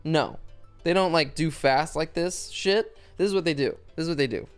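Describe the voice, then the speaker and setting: A man's voice: a little high, moderate pace, clear, resonant tone, no room sound, faint music behind. A young man streaming a video game, chatting casually in a rambling, crude and joking way, full of swearing. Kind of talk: casual gaming stream chat.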